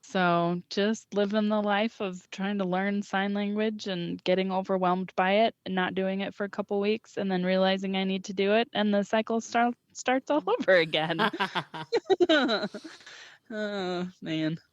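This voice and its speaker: A woman's voice: mid-range voice, steady tone, normal speed, hardly any pauses, no room sound. A young woman co-hosting a podcast, chatting casually in a rambling, self-deprecating way and laughing often. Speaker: podcast co-host. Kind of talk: casual chat. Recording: dull lo-fi sound.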